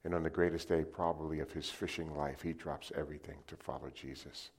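A man preaching a sermon, telling lively stories and acting them out with sound effects. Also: very deep voice, fairly quick, husky. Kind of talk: sermon with storytelling.

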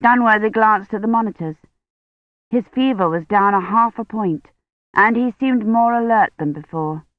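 An audiobook narrator reading a novel in a measured, even way. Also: mid-range voice, dry recording. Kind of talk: scripted narration. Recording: dull lo-fi dry studio audio.

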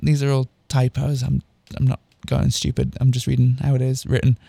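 A man's voice: medium pitch, completely flat delivery, fairly quick, vocal fry, mellow, breathy edge, no echo. Sarcastic man reading bad fan fiction. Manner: sarcastic, interrupts to comment on typos. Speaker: reader of amateur fan fiction. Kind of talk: mocking dramatic reading with asides.

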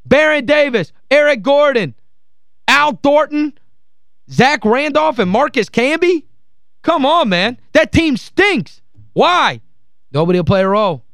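A sports radio host with a very high-pitched voice, worked up and exasperated, stacking repeated phrases on top of each other as he rants. The studio sound is close and dry, with no room around him. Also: animated, measured pace, pauses often, a bit bright, no echo. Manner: heated, exasperated, emphatic ranting. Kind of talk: call-in sports talk rant.

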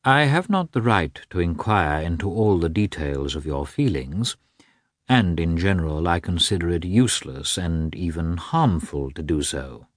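A man voicing a stiff middle-aged husband who speaks coldly, calmly and with deliberation. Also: low voice, no room sound, clean studio sound. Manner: cold, calm, deliberate.

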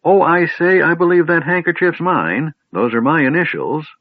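A man's voice: fairly high pitch, moderate pace, dry recording, voice pushed up, natural voice. A man voicing a vague, fussy old male wizard who rambles absent-mindedly and gets huffy. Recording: tinny phone-like line, dry.

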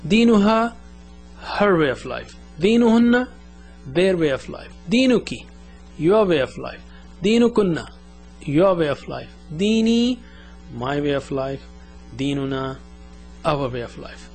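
Man teaching slow call-and-repeat drills. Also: on the high side, sing-song, a little mellow, faint music behind. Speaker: Arabic teacher. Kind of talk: classroom language lesson.

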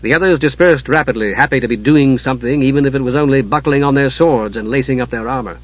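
A man reading an audiobook in a measured, dramatic narration, on a dull lo-fi recording. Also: mid-range voice.

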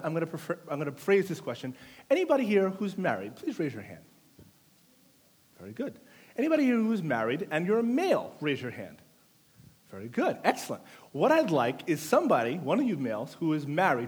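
A man's voice: on the high side, fairly quick, husky. A male pastor preaching a sermon in a playful way, teasing the congregation and drawing people up front to take part. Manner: animated storytelling with audience participation.

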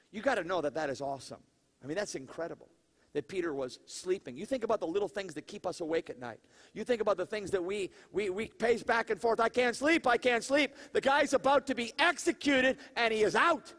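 A man preaching a conversational sermon in an animated way, with laughing asides and questions to the congregation. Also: high-pitched, brisk. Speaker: pastor.

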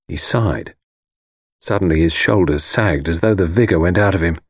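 A man narrating a first-person novel with measured storytelling, dropping low on the speech tags. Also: husky, no room sound, studio quality. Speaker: audiobook narrator.

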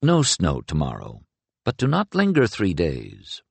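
A man voicing a solemn divine being who speaks in a deep, slow, reverberating voice. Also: huge pitch swings, vocal fry, slightly rough, full character voice. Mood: grave.

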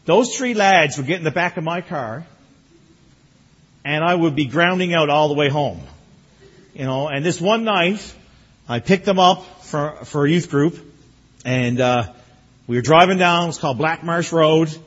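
A man preaching a sermon as pastor, telling folksy personal stories in an animated way. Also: a little high, a little slow, long pauses, highs cut off. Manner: folksy storytelling, animated when recounting.

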